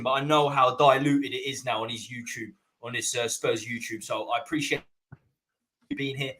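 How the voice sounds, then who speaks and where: A man hosting a live fan podcast, relaxed and hesitant with fillers. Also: a little high. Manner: relaxed, hesitant with ums, chuckling. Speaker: podcast host. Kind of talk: live-stream chat.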